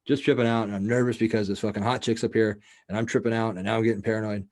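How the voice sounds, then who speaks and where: A man with a very low voice talks quickly and casually as he hosts a podcast. He tells a long, rambling story full of swearing, and he keeps saying "like" and "you know.". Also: flat delivery, a little mellow. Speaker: podcast host.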